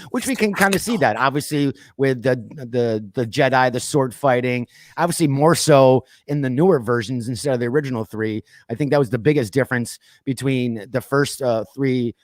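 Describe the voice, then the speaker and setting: A man's voice: medium pitch, no echo. Chatty male podcast host, dry sound. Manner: chatty, reads lists with many fillers. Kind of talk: casual podcast chat. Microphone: streamed call mic.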